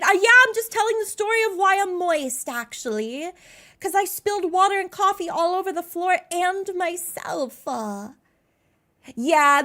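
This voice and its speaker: High-pitched young woman from the us on a live stream, chatty, giggly, pokes fun at herself. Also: fairly bright tone. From United States. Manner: chatty, greets viewers by name, giggly and self-mocking. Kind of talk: casual live-stream chat.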